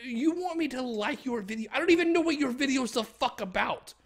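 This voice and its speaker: Animated, foul-mouthed young man ranting. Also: very high voice, a little fast. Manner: animated, profane, mocks others in exaggerated voices. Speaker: streamer co-host. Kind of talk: casual ranting chat.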